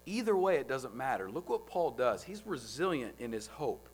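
A man preaching a sermon, firing off rhetorical questions and swinging between loud, driving lines and quiet ones. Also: medium pitch, big pitch swings, moderate pace, slightly rough.

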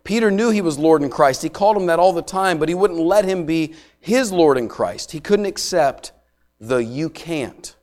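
A middle-aged male pastor delivering a sermon, swinging between raised emphasis and quiet, slowed-down words. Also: fairly high pitch, lively intonation. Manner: dramatic preaching with wide swings in loudness, dropping to hushed emphasis.

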